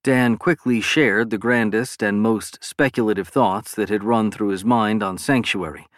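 Low-voiced man reading a novel. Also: normal speed, dry recording, clean studio sound. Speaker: audiobook narrator. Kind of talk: scripted narration.

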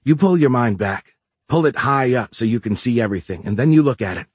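A blunt, scornful woman from the south, as a male narrator reads her, firing back sharp, challenging retorts. The voice sits low and husky. The sound is close and dry. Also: a little fast, no echo.

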